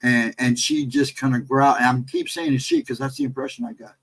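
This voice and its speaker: A middle-aged American man hosting a casual livestream, telling a story in a rambling, animated way and reading out chat messages. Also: medium pitch, fairly quick, rough recording. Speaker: livestream host.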